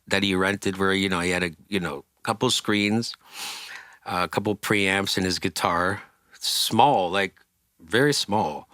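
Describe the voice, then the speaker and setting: Animated, bright-voiced male rock singer. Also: low voice, no echo, studio quality. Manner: animated, swears freely, acts out quotes in other voices. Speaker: rock singer, interview guest. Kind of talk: casual storytelling.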